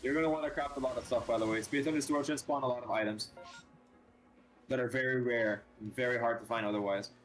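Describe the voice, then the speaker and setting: A man's voice: mid-range voice, fairly even intonation, quick pace, rough recording. A man co-streaming a game in casual chat, coaching the player and repeating his advice insistently. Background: game music.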